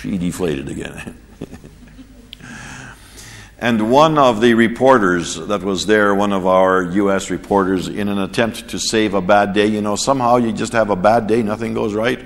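A man teaching a church class, telling a story in an animated sermon style and chuckling at his own jokes. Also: lowish voice, normal speed, big-room sound. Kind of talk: sermon with anecdote.

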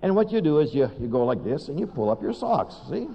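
An older man delivers a sermon full of stories and questions to the congregation. His fairly high voice swings widely in pitch as he tells it. The sound is dull and carries the long reverb of a large hall. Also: brisk, slightly rough. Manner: animated storytelling, asks the audience questions. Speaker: preacher.

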